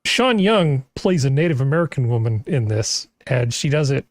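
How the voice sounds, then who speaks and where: A man's voice: medium pitch, very animated, moderate pace, dry recording. A man on a podcast panel, chatting in a dry, sardonic way. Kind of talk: casual chat.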